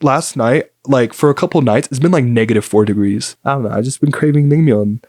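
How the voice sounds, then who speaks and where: A man's voice: medium pitch, brisk, a little mellow, no echo. Chatty young man, dry close sound. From United States. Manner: rambling, filler-heavy, upbeat and chatty. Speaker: podcast host. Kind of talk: casual solo podcast chat.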